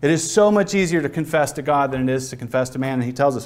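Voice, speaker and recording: A man's voice: mid-range voice, quick pace. Guy preaching a sermon, paints big pictures, acts stuff out. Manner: vivid storytelling, acts out scenes.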